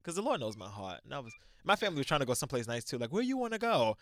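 A young man co-hosting a casual podcast chat, laughing often and acting out quoted lines. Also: racing. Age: 20s. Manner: animated, laughing, acts out quotes with big pitch jumps. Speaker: podcast co-host.

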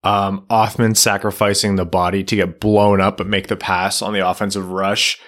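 A man's voice: low voice, flat delivery, moderate pace, fairly bright tone. A man hosting a hockey podcast, chatting casually and joking, also reading a sponsor segment. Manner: joking, easygoing. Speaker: podcast host. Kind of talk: casual chat and sponsor read.

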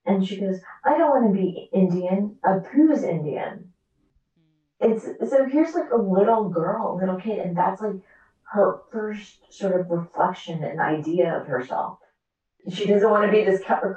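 Distant echoey woman, animated actor guest. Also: mid-range voice. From America. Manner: animated, quick asides, acts out quoted dialogue. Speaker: actor and author, podcast guest. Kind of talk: candid interview conversation. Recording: echoey, distant, dull remote audio.

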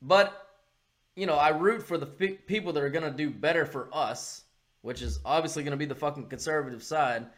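Southern man, slightly higher voice, swears a lot, loud and animated when worked up, casual podcast talk. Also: brisk. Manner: profane, blunt, gets loud and animated when riled. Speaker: podcast co-host.

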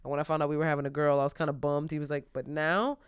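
A woman's voice: deep voice, flat delivery, very fast, smooth, no echo. A young pregnant woman co-hosting a casual podcast chat, talking in slang, laughing often and acting out quotes. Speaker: podcast co-host.

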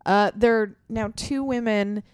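A young woman hosting a comedy podcast, chatting casually, animated, swearing freely and laughing often. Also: medium pitch, a little slow, clean tone, no echo. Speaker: podcast host. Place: home recording studio.

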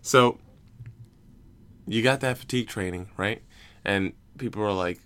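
A man's voice: on the low side, a little slow, long pauses, a bit bright, clear, resonant tone. A young man hosting a casual recorded chat, rambling and teasing with jokes. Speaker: podcast host.

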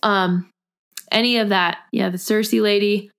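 A woman's voice: mid-range voice, steady tone, unhurried, fairly bright tone, clean tone. A woman guest on a fan podcast, chatting eagerly and chiming in often with agreement. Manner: enthusiastic, frequent agreeing interjections. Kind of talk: casual fan chat.

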